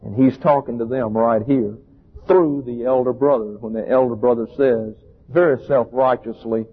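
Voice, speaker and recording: Male pastor, emphatic scornful sermon, husky voice, phone-quality recording. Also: mid-range voice, fairly even intonation, moderate pace. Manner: emphatic, scornful preaching with rhetorical questions.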